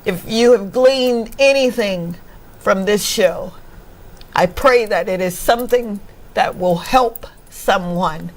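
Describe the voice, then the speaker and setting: A woman's voice: mid-range voice, slow pace. A woman talk show host, emotional and laughing often as she closes her show. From Mississippi, United States. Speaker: podcast host.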